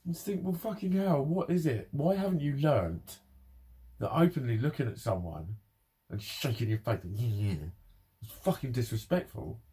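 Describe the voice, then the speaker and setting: A man's voice: medium pitch, expressive, moderate pace, mellow, breathy edge. A young man ranting in a personal vlog, swearing constantly and sounding frustrated and bitter. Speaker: vlogger. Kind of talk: angry personal vlog rant.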